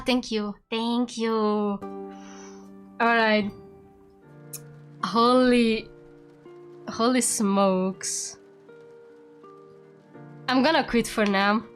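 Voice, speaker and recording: A woman streaming casually to her chat as a VTuber. She talks excitably, jumping to sudden squeals and then dropping to soft mutters. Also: a little high.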